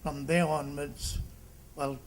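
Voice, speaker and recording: A man in his seventies from Fiji, a doctor giving a halting reunion speech that turns into an animated patient story. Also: fairly high pitch, a little hiss or hum, rough recording. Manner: halting, with restarts and animated quotes.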